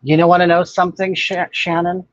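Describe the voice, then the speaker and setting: A man's voice: sits high, little pitch movement, brisk. An older man hosting a casual livestream chat, talking in a sassy, blunt, gossipy way and answering viewers' comments. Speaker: livestream host. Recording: dull, muffled dry audio.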